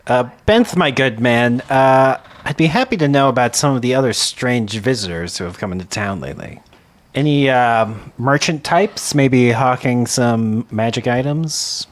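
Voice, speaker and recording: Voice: mid-range voice, expressive, measured pace. A player in a tabletop game, speaking in a wry, mock-formal way. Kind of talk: casual game banter.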